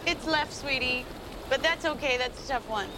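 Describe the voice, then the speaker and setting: A woman's voice: high voice, moderate pace, very noisy, natural voice. An actress playing an impatient young woman teaching a friend to sail, scolding and exasperated. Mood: coaxing. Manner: exasperated, scolding, talks herself into panic. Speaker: sailing teacher. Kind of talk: sitcom acting.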